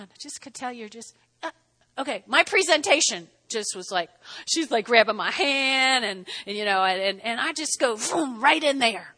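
A woman preaching a sermon in an animated way, often breaking off to ask "okay?" and acting out little scenes. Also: a little high. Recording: long hall reverb.

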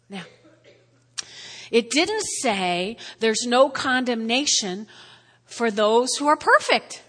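A woman pastor preaching a sermon with strong emotion, swinging between loud exclamations and hushed whispers, at times close to tears. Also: sits high. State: tearful at times. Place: church hall. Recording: long hall reverb.

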